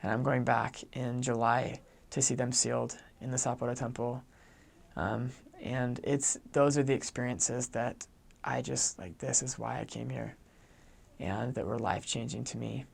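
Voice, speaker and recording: A young man recounts a personal story from his missionary days with an earnest, heartfelt delivery. His voice has a gravelly edge and sits at an ordinary pitch. He often voices the other people in the story as he goes. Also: steady tone, moderate pace. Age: young adult. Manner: earnest, acts out quoted dialogue. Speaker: returned missionary.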